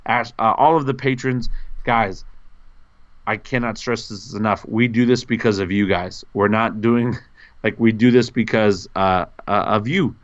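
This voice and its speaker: Gushing male podcast host, dull lo-fi sound. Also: measured pace. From North Carolina, USA. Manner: gushing, animated, pitch jumps when excited. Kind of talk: casual podcast chat.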